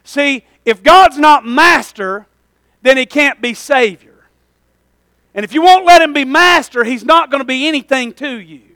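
A man's voice: very high-pitched, unhurried, bright, forceful tone, no echo. A man preaching a fervent sermon as pastor, calling for amens and using folksy slang.

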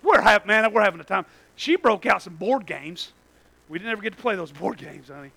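Male pastor in a church, very high bright voice, storytelling sermon that drops to a hush and rises to shouts. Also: lively intonation, brisk, gravelly, low-quality recording. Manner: storytelling, swings from hushed to shouting.

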